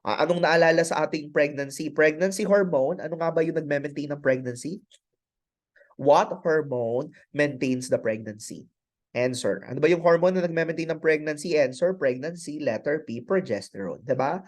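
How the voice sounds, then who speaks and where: A man's voice: on the high side, brisk. A man with a Filipino accent teaching a nursing pharmacology night class, switching between English and Filipino and repeating key terms as he quizzes students. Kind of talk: online class lecture.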